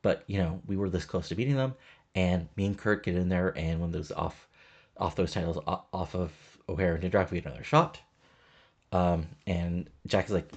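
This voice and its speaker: A deep-voiced man talks casually through his wrestling management game, reading the wrestlers' scripted promos aloud. His voice has a gravelly fry and a husky edge, and he murmurs the promos in a flat, low tone. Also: moderate pace. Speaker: game commentator.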